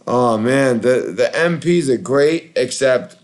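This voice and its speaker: A man from Boston with a Boston accent, rambling in casual call-in chat, halting and full of fillers. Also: medium pitch. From Boston, Massachusetts.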